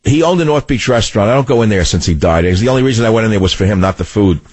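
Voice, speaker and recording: A man with a New York accent hosting a talk radio show, talking loudly and combatively in a rambling monologue into a studio mic. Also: lowish voice, animated, very fast, slightly rough, dry recording.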